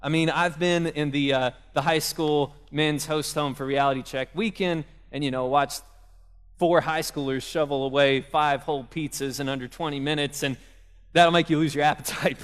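A man's voice: a little high, a bit bright. A young man preaching a sermon in a casual, conversational way, telling stories from home and speaking directly to parents. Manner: conversational, storytelling with asides to parents. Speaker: pastor. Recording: long reverb of a hall.

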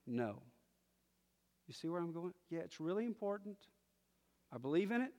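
A man preaching a sermon, moving from quiet musing to loud declaring. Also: high voice, sing-song, moderate pace, in a large hall. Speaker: pastor.

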